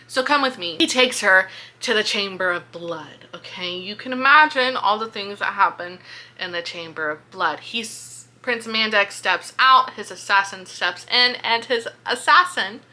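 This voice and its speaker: A woman casually retelling a book's plot in a video review, chatty and animated, swearing and filling with "like". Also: mid-range voice, a little slow. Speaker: book reviewer. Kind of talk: casual book-review vlog.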